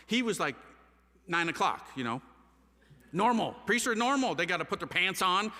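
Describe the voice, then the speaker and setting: A middle-aged man tells his story with lively, self-mocking energy, slipping in and out of other people's voices. His voice is bright and sits fairly high, with wide swings of pitch. It carries a long reverb, as from a large hall. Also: moderate pace, pauses often. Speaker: speaker telling his conversion story. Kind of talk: animated storytelling talk.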